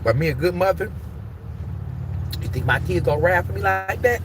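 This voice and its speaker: A woman with a low, expressive voice hosts a casual live stream at normal speed, pausing often against a noisy background. She talks emphatically and swears plenty, swinging between heated outbursts and tender encouragement.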